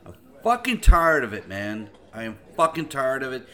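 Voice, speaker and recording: Brief: angry male host, loud and swearing, bright forceful voice, swings widely in pitch. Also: big pitch swings, moderate pace. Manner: furious, heavy swearing, repeats himself. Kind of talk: profane angry rant.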